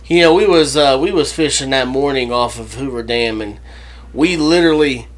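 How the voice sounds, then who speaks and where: A man's voice: mid-range voice, moderate pace, rough recording. A man telling rambling stories on a casual podcast, laughing and swearing as he goes. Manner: rambling storyteller, swears, laughs at own jokes. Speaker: co-host.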